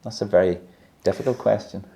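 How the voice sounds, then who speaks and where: A man interviewing an older guest, asking questions in a gentle, halting way. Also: on the low side, steady tone, creaky. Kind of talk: conversational interview.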